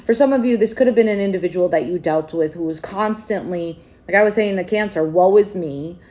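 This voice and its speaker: A woman doing a casual tarot reading to camera. She is emotional and thinks out loud, with frequent hesitations. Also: medium pitch, fast, muffled recording. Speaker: tarot reader.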